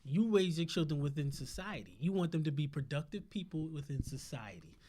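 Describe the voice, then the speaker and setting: Male podcast host, slightly high voice, preachy and rhetorical, loose casual delivery. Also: lively intonation, fairly quick, dark tone. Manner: preachy, rhetorical questions, repeats "you know what I'm saying".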